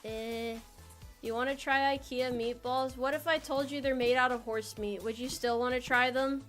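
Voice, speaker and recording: Woman streamer, high bright voice, playful and teasing with chat, stammers and restarts, faint game music behind. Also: fairly even intonation, moderate pace. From United States. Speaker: VTuber streamer. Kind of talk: casual live-stream chat while playing a game.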